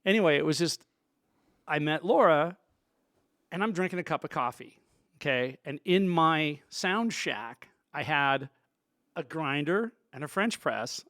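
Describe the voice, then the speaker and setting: A man's voice: a little high, creaky, a bit bright, dry recording, studio quality. Rambling man telling showbiz stories. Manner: rambling, full of "you know" asides. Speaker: sound engineer, show guest. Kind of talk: storytelling in a conversation.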